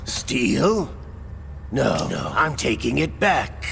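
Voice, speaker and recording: A gravelly, sneering older mercenary. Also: male voice, mid-range voice, wildly swooping pitch, extremely slow, a bit bright, slight background noise, heavily acted. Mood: scornful. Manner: sneering, theatrical pronouncements. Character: cunning older male mercenary, cold and mocking. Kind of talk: video game cutscene acting. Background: game score music.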